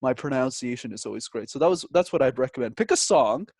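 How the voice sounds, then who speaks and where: A man from Canada, a guest telling stories in a casual interview, animated and joking. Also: medium pitch, fast, creaky, no room sound. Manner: animated storyteller, jokey.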